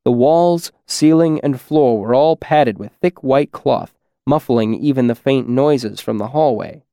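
A man's voice: medium pitch, a little slow, gravelly, mellow, no echo. Man narrating an audiobook, dry and close. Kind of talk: first-person audiobook narration.

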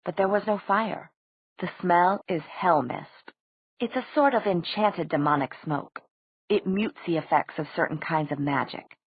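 Magnus, a woman reading a soft calm warlock. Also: fairly low pitch, husky, no echo. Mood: explaining. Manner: soft, measured explanation. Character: flamboyant calm male warlock. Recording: dry, tinny phone-like sound.

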